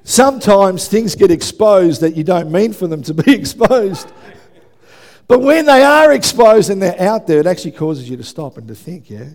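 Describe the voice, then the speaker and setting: Animated man preaching a sermon. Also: sits high, moderate pace. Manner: animated storytelling, acts out shouted quotes, self-deprecating asides. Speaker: pastor. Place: church hall with congregation.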